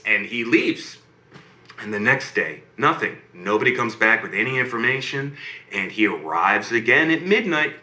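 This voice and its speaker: A man telling a bedtime fairy tale, his voice leaping high and low through every line and pausing often to check in with "okay?" and "right?". His tone is bright and piercing, and a roomy echo surrounds him. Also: very animated. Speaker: storyteller reading to a child. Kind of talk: bedtime story narration.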